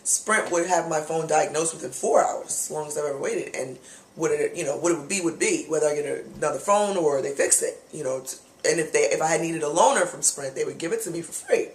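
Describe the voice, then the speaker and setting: A man's voice: fairly high pitch, fairly quick, slight background noise. Exasperated vlogger man, echoey room. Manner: animated, exasperated storytelling, blunt and profane. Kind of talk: ranting complaint story to camera.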